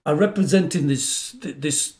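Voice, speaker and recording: A man's voice: on the high side, normal speed, reverberant. Chuckling middle-aged man telling stories. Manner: chuckling storyteller, lively quoted voices. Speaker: podcast guest, lawyer. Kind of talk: casual anecdote-telling.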